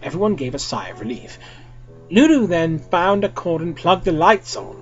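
A young man reads a silly story aloud in a playful, dramatic way. His voice sits a little high and swings widely in pitch. The recording is dull and lo-fi, with faint music underneath. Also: moderate pace. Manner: switches between character voices, lively and playful. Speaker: reader of fan fiction.

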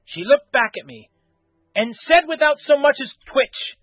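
A man with a husky voice reading a fan story aloud in a plain, unpolished way, with small slips. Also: on the high side, very animated, normal speed, no room sound. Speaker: story reader. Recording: tinny phone-like recording with faint music.

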